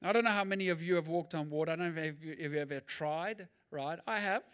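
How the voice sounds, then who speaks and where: A male pastor preaching a sermon in an animated, jokey way, acting out Bible scenes. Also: fairly high pitch, quick pace, clear, resonant tone.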